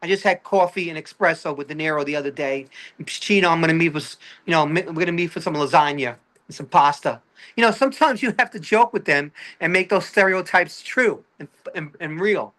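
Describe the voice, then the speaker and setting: A man with a Brooklyn accent doing a stand-up comedy routine, animated and chatty, peppering his talk with "all right" as he addresses the audience. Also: fairly high pitch, brisk. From Brooklyn, New York.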